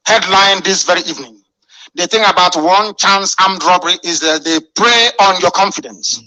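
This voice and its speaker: A man's voice: sits high, bright, forceful tone, no room sound, low-quality recording. A man delivering a fiery, scornful radio address full of rhetorical questions. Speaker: radio broadcaster.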